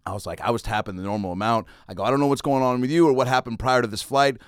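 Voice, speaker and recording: Fast-talking man telling stories. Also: medium pitch, no room sound, studio quality. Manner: animated storyteller, acts out people. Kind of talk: casual storytelling chat.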